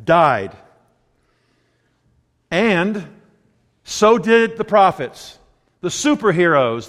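A man delivers a sermon with a somewhat high voice, talking to his congregation like a conversation. He fires off rhetorical questions and drops from loud to near-hushed. His voice rings with the long reverb of a large hall. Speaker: pastor.

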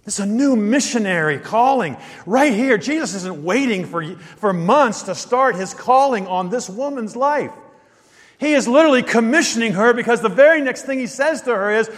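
Older guy preaching, high-ish voice, chatty storytelling, big hall echo. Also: lively intonation, measured pace. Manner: conversational storytelling with acted quotes. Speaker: pastor. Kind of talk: sermon.

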